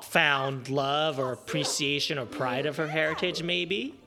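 A thirty-something host reacting to a film, talking in a loose, rambling way and often restarting sentences. The voice sits at a middle pitch, and film music plays clearly underneath. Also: measured pace. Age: 30s. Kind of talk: casual reaction commentary.

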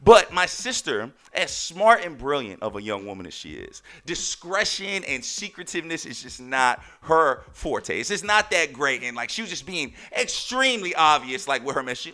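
Lively young podcast host telling a story. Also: male voice, mid-range voice, fairly quick, few pauses. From Texas. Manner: animated, talks in loose slang with lots of "like" and "right?". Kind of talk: casual storytelling.

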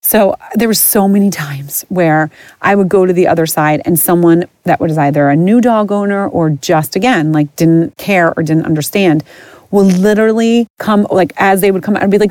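A woman's voice: on the low side, fairly quick, darkish tone, no room sound. A middle-aged woman hosting a podcast, ranting in a blunt, profane and exasperated way. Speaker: podcast host. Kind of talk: casual ranting monologue.

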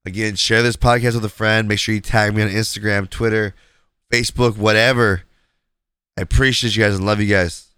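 A man hosts a casual gaming podcast with a stuffy, nasal voice from a cold. He speaks in a fairly low, smooth voice and gives blunt, opinionated takes. The sound is dry and close. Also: steady tone, fairly quick, a bit bright, dry recording. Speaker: podcast host.

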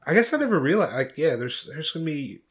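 Woman host, very deep voice, laid-back, casual chat. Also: sing-song, quick pace. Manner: laid-back, musing reactions.

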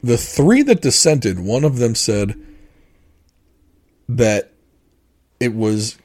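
A man's voice: medium pitch, very animated, takes it slowly, darkish tone. A man co-hosting a casual podcast chat, explaining things in an opinionated way with frequent fillers and restarts. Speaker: podcast co-host.

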